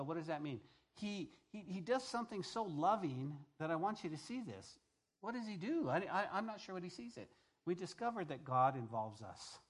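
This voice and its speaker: Preaching a sermon, a male pastor whose voice sits somewhat higher than most men's speaks animatedly, swelling to loud emphasis and sinking to soft, hushed asides. He repeatedly checks whether the congregation is following.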